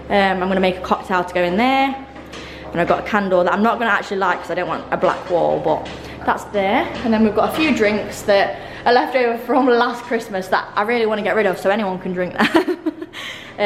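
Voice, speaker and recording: Vlogger, young woman, rambling casual chat, handheld phone, faint background hiss. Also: medium pitch. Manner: chatty, rambling, laughs often, lots of "um". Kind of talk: casual chatty vlog.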